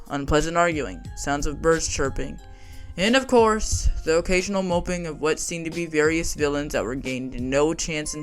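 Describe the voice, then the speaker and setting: A man's voice: a little high, fairly bright tone. A man narrating a fan audiobook drama in a casual, conversational way.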